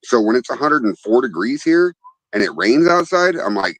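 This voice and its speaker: A man from Wyoming hosting a casual chat, telling stories in a loud, profane, animated way. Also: medium pitch, moderate pace, dry recording, rough recording. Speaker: podcast host.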